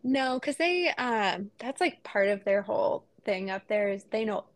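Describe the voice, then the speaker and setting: A medium-pitched, animated woman in her thirties co-hosts a podcast, speaking unhurriedly. She spins stories in relaxed conversation and laughs often, with no echo in the audio.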